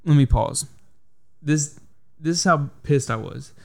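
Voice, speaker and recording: A man's voice: a little high, unhurried, gravelly. A man hosting a casual podcast, telling stories in a heated, profane way. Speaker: podcast host.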